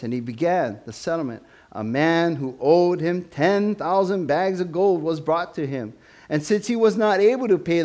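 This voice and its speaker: A man preaching a sermon to his church, with an animated style that rises to loud, emphatic questions. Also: high voice. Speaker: pastor.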